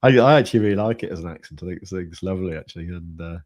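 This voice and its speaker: Man, low voice, dry close mic, chatty jokey livestream talk. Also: very fast, a little mellow, dry recording. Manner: chatty, jokey, laughs often. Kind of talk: casual livestream chat.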